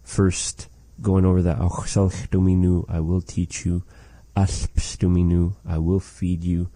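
A man's voice: low voice, little pitch movement, unhurried, dark tone, no echo. A man teaching a language lesson, patiently explaining phrases and repeating words.

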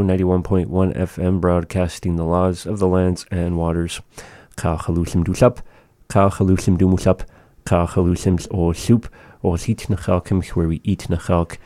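A man hosting a radio language lesson, pronouncing phrases slowly and carefully. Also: low-pitched, flat delivery, warm tone, no room sound, clean studio sound. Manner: slow, careful pronunciation of phrases. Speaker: radio host teaching a language.

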